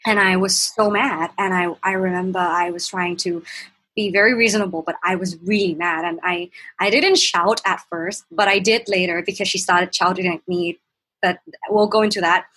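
Young woman guest, husky, halting candid storytelling. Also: fairly low pitch, steady tone, sharp tone, poor audio. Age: young adult. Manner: halting, with restarts and fillers, reenacting quotes. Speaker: podcast guest.

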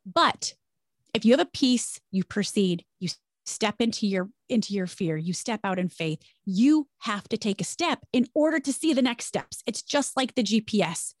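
A middle-aged woman, a former broadcaster, talking about faith and career change in an energetic, emphatic way. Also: mid-range voice, moderate pace, dry recording, clean studio sound. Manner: energetic, emphatic, preachy storytelling. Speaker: podcast guest, former broadcaster. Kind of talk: conversational faith-based interview.

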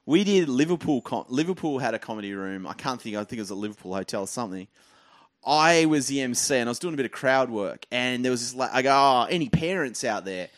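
A man with an Australian accent, a comedian telling stories with loud, animated delivery. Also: mid-range voice, fast talker, no echo, clean studio sound. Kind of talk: comedy podcast storytelling.

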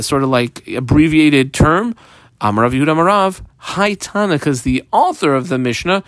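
A man teaching a Talmud lesson, reading Aramaic phrases and explaining them in English with frequent fillers. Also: no echo. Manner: animated, lively pitch swings.

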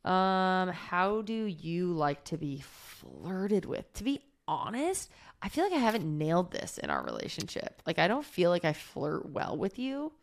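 Woman, podcast co-host, low gravelly voice, playful banter. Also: very animated, measured pace. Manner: playful, swears casually, laughs often. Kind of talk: casual chat.

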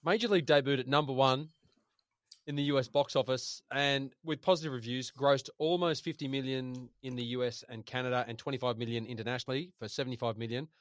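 A man's voice: medium pitch, steady tone, fast talker, no room sound, studio quality. An Australian man in his forties, co-hosting a podcast and reminiscing in casual chat. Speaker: podcast co-host.

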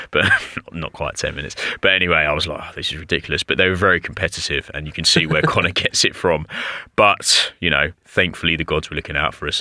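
Very deep-voiced man, bright edge. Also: no room sound, studio quality. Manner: animated storyteller, laughs often, says "mate" and "like". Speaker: fitness coach guest. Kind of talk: casual podcast chat.

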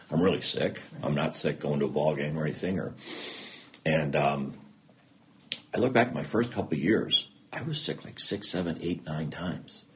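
A man in his thirties or forties, a guest telling a candid, earnest story about his own life, self-deprecating and acting out the dialogue he recalls. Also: a bass voice. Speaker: interview guest. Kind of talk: candid personal story in an interview.

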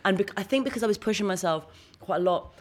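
A woman telling her stories in an animated, casual way. She talks rapidly and her voice sits at a middle pitch. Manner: fast, animated storytelling with laughs. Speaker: guest. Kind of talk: casual interview chat.

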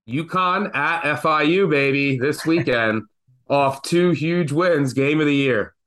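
A man co-hosting a sports betting podcast, telling stories in a lively, joking way. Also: a little high, slow. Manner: animated, joking storyteller. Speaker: podcast co-host. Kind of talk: casual sports betting chat.

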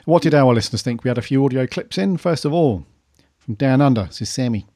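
Brisk man co-hosting a podcast. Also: mid-range voice, lively intonation, dark tone, no echo, studio quality. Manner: brisk, matter-of-fact, jokey. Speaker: podcast co-host. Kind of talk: casual chat.

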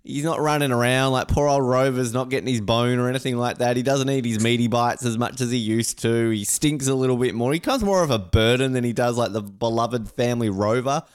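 Male podcast co-host, mid-pitched, loose rambling comic delivery. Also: a little fast, hardly any pauses, clean tone. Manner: rambling, joking, repeats words. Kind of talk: casual comedic chat.

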